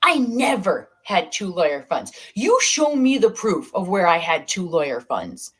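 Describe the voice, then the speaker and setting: A woman's voice: fairly low pitch, big pitch swings, a little slow, husky. A woman on a played livestream clip, ranting and taunting in a confrontational, repetitive way.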